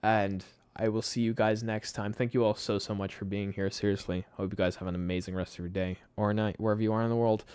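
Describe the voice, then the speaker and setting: A man's voice: lowish voice, level tone, fast, few pauses, darkish tone, clean tone, no echo. Sleepy guy rambling on his live stream at night, laughs a lot, dry close mic. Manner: rambling, chatty, laughs often, restarts sentences. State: tired late at night. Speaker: YouTube channel host. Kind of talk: casual live-stream chat.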